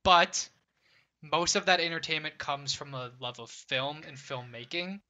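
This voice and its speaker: A young man hosting a casual podcast chat, earnest and hesitant, often pausing on fillers. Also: a little high, sharp tone. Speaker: podcast host.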